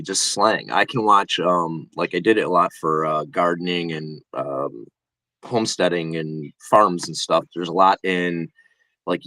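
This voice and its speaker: Male guest, low voice, rambling and laugh-prone, dry close recording. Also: fairly bright tone, no room sound. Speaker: guest co-host. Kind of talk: casual live-stream chat.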